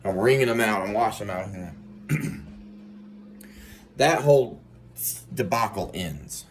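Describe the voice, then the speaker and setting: Man, lowish voice, profane comic storyteller who acts scenes out. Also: expressive, takes it slowly, slight background noise.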